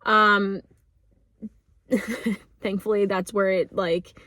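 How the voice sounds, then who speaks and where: A woman's voice: medium pitch, little pitch movement, very slow, sharp tone, no room sound. A young woman telling a personal story in a casual, emotional way, with lots of fillers, swearing and nervous laughs. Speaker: vlogger.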